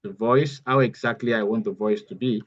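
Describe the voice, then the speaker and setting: A man's voice: on the low side, fairly even intonation, moderate pace, lo-fi sound. A man teaching an online workshop step by step, repeating key phrases as he goes. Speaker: AI bootcamp instructor. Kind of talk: live online tutorial.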